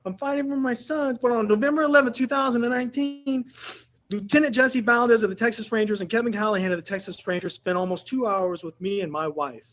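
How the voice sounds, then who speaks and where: A man's voice: very high voice, quick pace, a bit bright, muffled recording. A tearful man representing himself in a courtroom, pleading with the judge in an emotional, rambling way and repeating himself.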